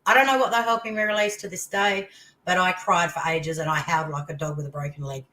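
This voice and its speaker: An older woman with an Australian accent, a guest on an interview show, telling a personal story in casual chat with excited outbursts. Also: on the low side, fast, low-quality recording. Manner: animated storytelling, voice leaping into exclamations.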